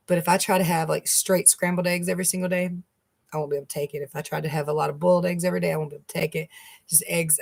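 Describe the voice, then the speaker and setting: A woman's voice: sits low, creaky, a little mellow. A middle-aged woman, chatting casually to her live-stream viewers and rambling with frequent laughs. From North Carolina, US. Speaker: keto vlogger.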